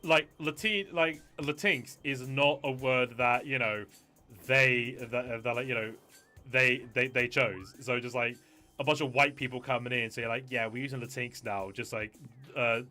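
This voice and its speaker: A man's voice: medium pitch, steady tone, a little slow, pushed and bright, soft background music. A man hosting a casual gaming stream, rambling with many fillers and restarts and swearing freely. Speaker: streamer host.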